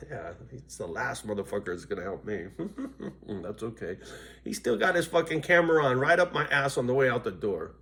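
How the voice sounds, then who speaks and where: A man's voice: medium pitch, animated, brisk, a bit bright. A tired, loopy middle-aged man vlogging to his viewers in a casual, rambling way, swearing freely and often asking "right?". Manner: profane, chatty, keeps asking "right?". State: worn out and loopy.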